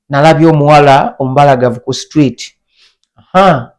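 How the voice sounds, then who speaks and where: A young man teaching an online language lesson, repeating each word slowly for learners to copy. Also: fairly high pitch, a little mellow.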